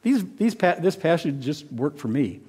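Halting man preaching, slightly high voice. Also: very animated, darkish tone, slightly rough. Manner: halting, repeats words and restarts often. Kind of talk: informal sermon with personal story.

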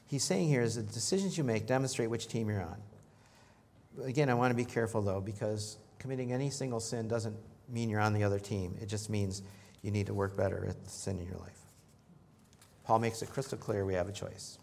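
A man preaching a sermon in a conversational way, joking with the congregation and rising in pitch and volume when he reads scripture. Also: brisk, gravelly, a little mellow. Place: church in front of a congregation.

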